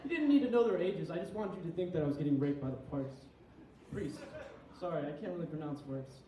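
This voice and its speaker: A young man with a fairly high voice does a rambling, crude stand-up set, a little tipsy and self-deprecating. He sounds set back from the mic in an echoey room, with a faint hum of ambience behind him. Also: fast. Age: young adult. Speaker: stand-up comic. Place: small comedy venue with an audience. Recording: echoey room, heard from a distance.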